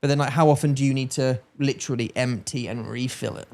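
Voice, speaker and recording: A man's voice: medium pitch, steady tone, fast talker, a little mellow. Rambling British man, casual podcast chat. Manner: rambling, self-correcting, jokey. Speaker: podcast co-host.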